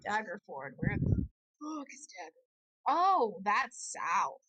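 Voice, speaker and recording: Young woman, player, slow pace, dry close sound, thinking aloud. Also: medium pitch, sing-song, fairly bright tone, husky, no echo, poor audio. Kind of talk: casual chat at a game table.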